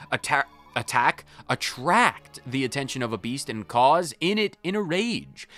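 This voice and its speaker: A man's voice: medium pitch, a bit bright. A man voicing a solemn female ranger in a video game, with a thick put-on accent and stiff, formal phrasing. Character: solemn female ranger who distrusts people.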